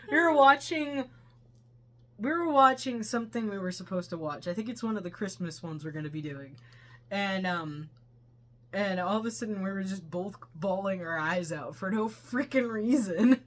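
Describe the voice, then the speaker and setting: Speaking at medium pitch and a moderate pace, a woman co-hosts a casual movie review chat from the couch in her living room. She's chatty and laughs often.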